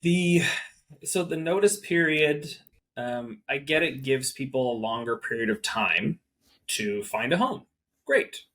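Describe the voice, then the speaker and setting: Speaking in rapid, animated bursts full of "like," a medium-pitched man is interviewed casually as a guest who works as a property manager.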